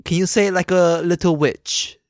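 A woman's voice: on the low side, steady tone, normal speed, darkish tone, dry recording, clean studio sound. A woman co-hosting a casual podcast, teasing the others and swearing during a guessing game. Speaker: podcast co-host. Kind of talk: casual chat.

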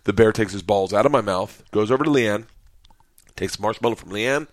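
A man telling a wild comic story, acting out voices, laughing and shouting at the big moments. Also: on the low side, a little fast, no room sound. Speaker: guest comedian.

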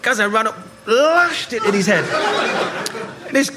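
A man, telling lively football stories to a live audience and acting out the voices. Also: sits high, unhurried. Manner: animated anecdotes, acting out voices, laughing. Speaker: guest, former footballer. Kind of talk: live storytelling on stage. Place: live party event. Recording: noisy live room.

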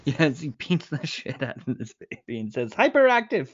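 A man's voice: mid-range voice, normal speed, lo-fi sound. A man co-hosting a casual movie podcast, retelling scenes in detail and laughing often. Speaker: podcast co-host.

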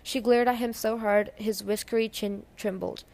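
A woman's voice: fairly high pitch, level tone, normal speed, a little mellow. A woman reading a novel aloud chapter by chapter, narrating steadily and giving the characters light voices. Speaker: reader. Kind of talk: audiobook-style reading of a novel.

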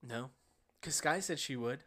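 Young male co-host, middle pitch, deadpan delivery, easygoing chat. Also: measured pace. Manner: dry, deadpan jokes. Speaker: podcast co-host. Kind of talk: casual chat.

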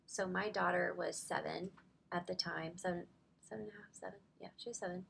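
A woman in her thirties speaks with a lowish, gravelly voice that crackles with vocal fry. Her tone is bright and forward, and she talks in a chatty, rambling way, full of "like". She sounds close to tears at times. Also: fairly even intonation, fairly quick. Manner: chatty, fills speech with "like". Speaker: podcast guest. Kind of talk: personal storytelling in a faith podcast conversation.

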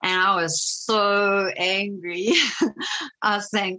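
A woman casually telling her personal faith story as a guest, animated, with frequent laughs and many fillers. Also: mid-range voice, slow, poor audio.

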